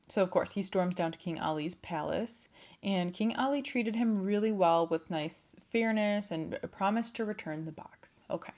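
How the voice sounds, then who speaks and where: A woman's voice: mid-range voice, moderate pace, darkish tone. A young woman casually retelling a folktale, chatty and swearing, with laughing asides and playful voiced quotes. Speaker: storyteller and channel host.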